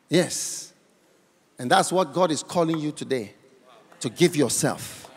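A guest preacher delivers an impassioned altar-call sermon in a large church hall, exhorting the crowd with repeated phrases and breaking into tongues. His voice is fairly high and animated, a little slow, with long pauses and a breathy edge. The sound carries the feel of a large hall.

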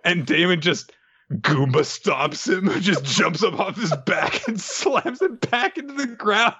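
A man recapping a comic chapter in casual chat, animated, laughing and acting out quotes in comic voices. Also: sits high, a little slow, lo-fi sound. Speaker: podcast co-host.

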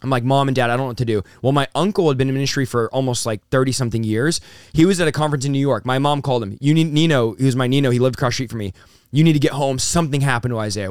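A man in his thirties who works as a pastor and preacher shares his story in a relaxed interview, speaking fast and excitably and saying "dude" and "bro" often. He has a smooth, mid-range voice, captured in clean studio sound without any room sound.

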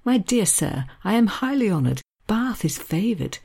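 A woman's voice: mid-range voice, normal speed, gravelly, slightly rough, voice pushed up, exaggerated voice. A woman putting on a pompous fawning master of ceremonies. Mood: gushing. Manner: effusive, flattering. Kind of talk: reading aloud from a classic novel.

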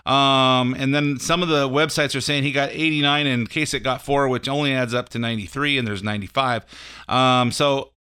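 A man hosts a call-in radio show with a bright, crisp and clear voice. He talks off the cuff about politics, rambling with frequent fillers and restarts. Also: mid-range voice, fairly even intonation, normal speed. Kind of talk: casual political commentary.

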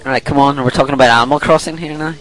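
A man's voice: medium pitch, steady tone, very fast, a bit bright, soft background music, rough recording. Rambling middle-aged male podcast host. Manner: rambling, laughs often, self-correcting. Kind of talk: casual chat, reading a listener email aloud.

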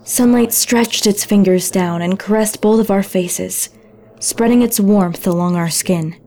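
A woman narrating a story in first person, gentle and intimate. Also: medium pitch, unhurried.

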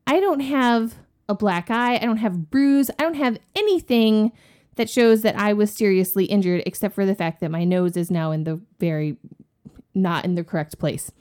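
A woman in her forties, a podcast cohost, telling a story in a casual, animated way and acting out what people said. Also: medium pitch. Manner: animated, acts out quoted voices with gasps.

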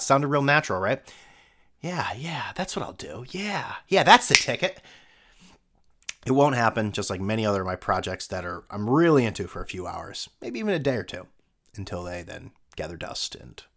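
A man's voice: medium pitch, a bit bright. A middle-aged man hosting a casual solo podcast, rambling and sarcastic, putting himself down. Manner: sarcastic, rambling, self-mocking. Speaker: podcast host.

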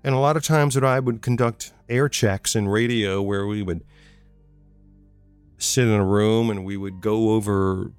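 Guy with a lowish voice telling an old work story, chatty, repeats himself, dry sound with soft music behind. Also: fairly even intonation, unhurried, clear, resonant tone, no room sound. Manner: conversational, repeats phrases for emphasis. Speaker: former radio programming manager. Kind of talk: personal storytelling.

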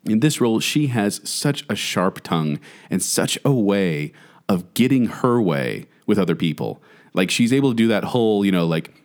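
A man's voice: low-pitched, very animated, moderate pace, a little mellow. A man co-hosting a podcast, chatting casually with friends and laughing often. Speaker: podcast co-host. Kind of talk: casual panel chat.

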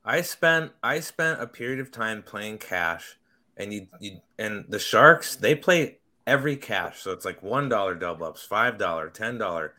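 A man's voice: lowish voice, animated, moderate pace, pushed and bright. A man co-hosting a podcast in casual chat, telling things loosely with stammering restarts. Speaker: podcast co-host.

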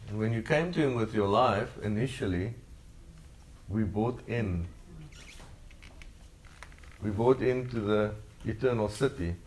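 Man, very deep voice, preaching, earnest, repetitive cadence. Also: a little slow, pauses often, darkish tone, a little hiss or hum. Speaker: pastor. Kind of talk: sermon.

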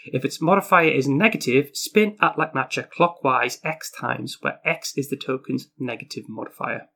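A man with a slightly high voice and a sharp tone plays a card game by himself. He reads the story text aloud and chats through each move in a casual playthrough.

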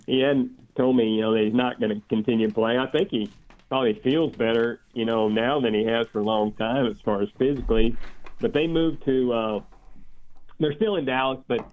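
An older man, a baseball coach calling in as a guest, talking in a halting, rambling way full of fillers and restarts. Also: mid-range voice, steady tone. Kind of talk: casual phone interview. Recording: tinny phone line.

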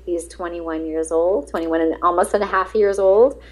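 A middle-aged woman, a guest actress, telling lively anecdotes in an interview and acting out the dialogue. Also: on the low side, normal speed, rough recording. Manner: lively, acts out quoted dialogue, laughs often.

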